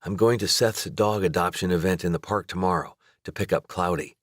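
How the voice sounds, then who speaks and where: A man's voice: brisk, fairly bright tone, dry recording, clean studio sound. Man voicing an earnest young heroine. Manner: high, trembling when emotional.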